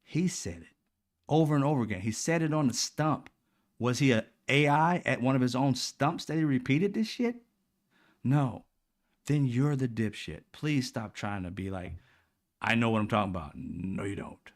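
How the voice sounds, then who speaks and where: A man's voice: lively intonation, moderate pace. A man hosting a political commentary show, ranting casually in a profane, exasperated, mocking way. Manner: swings from loud and high to low and quiet.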